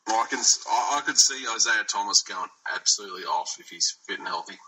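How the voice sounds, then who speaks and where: A man's voice: lowish voice, quick pace, bright, forceful tone, slightly rough, low-quality recording. A man co-hosting a sports podcast, joking in casual banter and laughing often. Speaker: podcast co-host. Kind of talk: casual chat.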